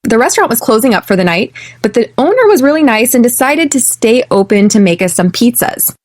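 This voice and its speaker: Clear American woman teaching English. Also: on the high side, big pitch swings. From California. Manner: clear, deliberate, slows for repeat-after-me drills. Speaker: podcast host, English teacher. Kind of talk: scripted English lesson.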